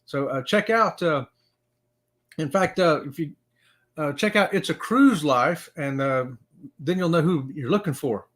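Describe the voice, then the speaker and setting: A man's voice: on the high side, measured pace, fairly bright tone. A middle-aged man hosting a casual live-stream chat, rambling with fillers and greeting viewers by name. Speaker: live-stream show host.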